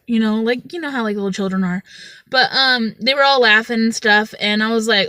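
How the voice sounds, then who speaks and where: A loud, chatty woman in her late twenties tells a story to camera with plenty of energy. Her voice sits high, and the sound is close and dry with no room around it. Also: normal speed, no room sound. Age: 20s. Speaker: vlogger. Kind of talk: storytime vlog.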